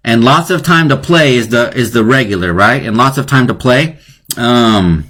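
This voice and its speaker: A man's voice: mid-range voice, animated, moderate pace, a bit bright. A man hosting a live online lesson, playful and chatty, often chuckling at his own jokes. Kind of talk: casual live-streamed lesson.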